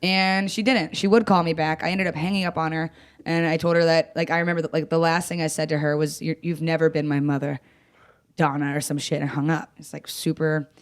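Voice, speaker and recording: A woman's voice: sits low, flat delivery, quick pace. A young adult woman comedian telling stories in casual chat, blunt and profane, self-mocking and often laughing. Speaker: comedian guest.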